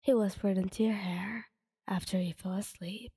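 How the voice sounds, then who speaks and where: Soft-spoken woman reading a story. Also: medium pitch, fairly even intonation, moderate pace, slightly rough, dry recording, clean studio sound, long reverb tail. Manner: soft, half-whispered reading. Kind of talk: reading own fan story aloud.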